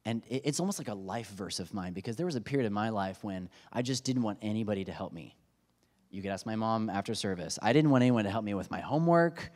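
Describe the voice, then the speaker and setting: A man's voice: fairly low pitch, lively intonation, fast talker, darkish tone. Man preaching in a reverberant church. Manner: conversational, self-deprecating humor, acts out quotes. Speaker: pastor. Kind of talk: sermon. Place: church sanctuary. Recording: long reverb of a church hall.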